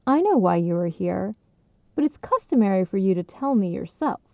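Kindly old sage read by a female narrator, patient and soft, thin phone-like audio. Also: mid-range voice, normal speed, vocal fry, no echo. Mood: gentle. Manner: gentle, patient, calm. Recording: tinny phone-like sound.

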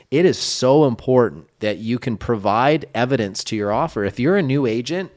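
A man's voice: medium pitch, darkish tone. A man co-hosting a podcast, giving casual coaching talk with emphasis and acting out sample lines of dialogue. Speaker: podcast co-host, real estate coach.

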